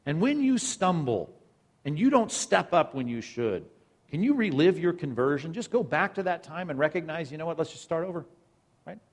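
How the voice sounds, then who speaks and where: A man delivering a sermon as a pastor, with a voice pitched a little above most men. He presses his points through repetition and asks the congregation question after question. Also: big pitch swings, normal speed. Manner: preaching with emphatic repetition and rhetorical questions.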